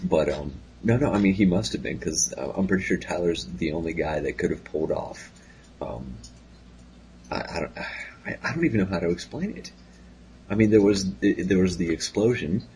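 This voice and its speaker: A man's voice: deep voice, animated, moderate pace, darkish tone, slight background noise. A man co-hosting a casual comedy chat, stammering and restarting as he piles on absurd claims with a straight face. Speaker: podcast co-host.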